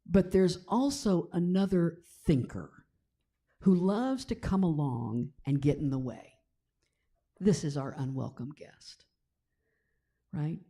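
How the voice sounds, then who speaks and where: Mellow-voiced woman preaching a sermon. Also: sits low. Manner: conversational, checks in with "right?"; drops to a slow hushed tone for scripture passages. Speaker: minister. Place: church sanctuary.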